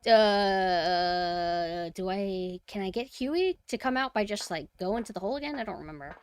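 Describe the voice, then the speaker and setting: A young woman streaming a horror game, chatting casually and excitably as she plays. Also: medium pitch, moderate pace, clear, resonant tone, dry recording, studio quality. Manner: chatty, excitable, cheering her dog on. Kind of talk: casual gameplay commentary.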